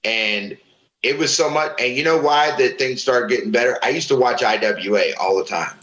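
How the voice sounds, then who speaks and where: In an echoey room on a low-quality recording, a middle-aged Floridian man with a mid-range voice talks at a normal pace. He's a former pro wrestler appearing as a guest in a casual interview, telling profane stories with animation and voicing what other people said.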